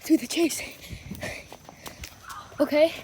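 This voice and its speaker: A woman vlogging while she plays hide and seek outside, out of breath, talking in hushed, jumpy bursts with loud exclamations, recorded on a handheld phone. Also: sits high, steady tone, slow pace, slight background noise. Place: outdoors in a thunderstorm at night. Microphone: handheld phone camera.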